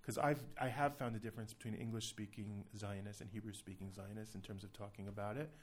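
A man's voice: lowish voice, fairly even intonation, quick pace. A man hosting a casual podcast, talking in a chatty, self-deprecating way with loose restarts. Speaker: podcast host.

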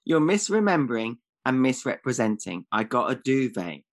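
A man's voice: mid-range voice, big pitch swings, normal speed. A man co-hosting a comedy podcast, answering with defensive, sarcastic jokes. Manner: defensive, sarcastic jokey replies. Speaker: podcast co-host.

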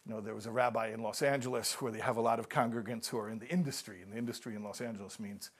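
A man's voice: on the low side, fairly even intonation, racing, slightly rough. Man casually telling old jokes. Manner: storytelling, frequent fillers and restarts, laughs at own punchlines. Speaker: speaker on Jewish humor.

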